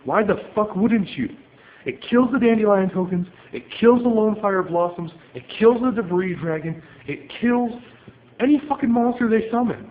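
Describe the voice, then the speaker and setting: A man's voice: high-pitched, animated, moderate pace. A man ranting angrily at home, pacing as he talks and swearing often. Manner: heated, profane, paces while talking. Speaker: card game player venting on video. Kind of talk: angry ranting monologue. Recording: tinny phone-like audio with room echo and faint hiss.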